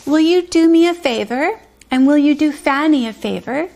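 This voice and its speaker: Preschool teacher lady, high voice with some gravel in it, talks slow and sing-songy to little kids. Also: darkish tone. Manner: slow, sing-song, drawn-out words for small children. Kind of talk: pre-K circle time lesson.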